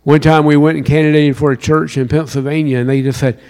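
A male pastor from South Carolina delivers a sermon in a Southern US accent. His voice sits a little high for a man, and he moves between loud, driving lines and low, quiet ones as he preaches. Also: flat delivery, quick pace. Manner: preaching with wide swings in pitch and loudness.

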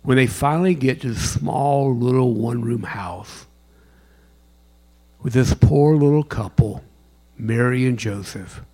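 A man giving a sermon as a chaplain, with dramatic storytelling, sudden loud bursts and hushed whispers. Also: mid-range voice, a little slow.

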